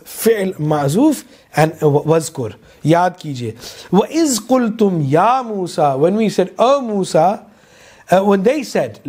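A man giving an animated Quran lesson lecture, full of hesitations and quick recited verses. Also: sits high, slightly rough. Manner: animated, mixes English with Urdu and Arabic recitation, many fillers. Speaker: Islamic teacher.

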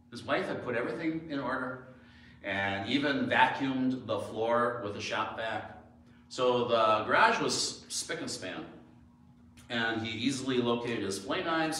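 A man's voice: medium pitch, fairly bright tone, slight background noise. A male pastor delivering a sermon in a church sanctuary, shifting between homely storytelling and emphatic rhetorical questions. His voice sits in an ordinary middle register. Heavy church echo and a distant mic give it a roomy, far-off sound with faint ambience behind.

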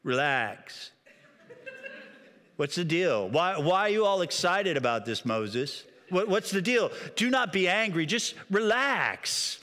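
Brief: pastor putting on a slow, lazy surfer guy, dazed and careless, pitched low under a ringing hall echo. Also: big pitch swings, pushed and bright, full character voice. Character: laid-back male surfer dude, dazed and careless.

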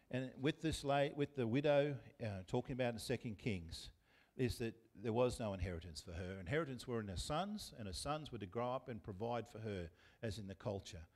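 A man's voice: medium pitch, darkish tone. A man with an Australian accent preaching a sermon as pastor, talking conversationally and putting questions to the congregation. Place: church.

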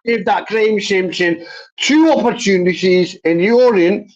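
A man's voice: high-pitched, normal speed, no room sound. A man arguing hotly on a livestream panel, hurling sweary insults. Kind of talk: heated livestream argument. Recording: dull lo-fi stream audio.

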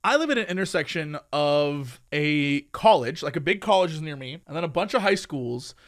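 A man's voice: a little high, moderate pace. A man co-hosting a podcast in casual, joking chat. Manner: animated, joking. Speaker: podcast co-host. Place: lives in Los Angeles.

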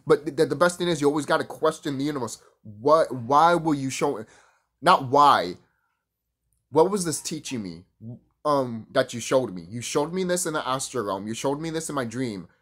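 A man's voice: medium pitch, expressive, moderate pace, a bit bright. A man ranting casually to camera in a profane, heated and rambling way. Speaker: vlogger.

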